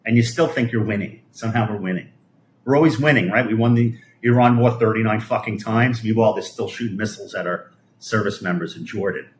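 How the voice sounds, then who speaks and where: Heard in a reverberant space with a little hiss or hum, a middle-aged man speaks in a lowish voice. He's from Brooklyn, New York, and on a live stream he launches into a profane, scornful political rant, stumbling and restarting frequently.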